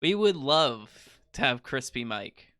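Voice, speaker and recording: A teenage boy hosting a podcast, chatting casually and rambling with quick laughs. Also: mid-range voice, sing-song, sharp tone, smooth, no echo, studio quality. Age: teens. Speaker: podcast host. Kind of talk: casual chat.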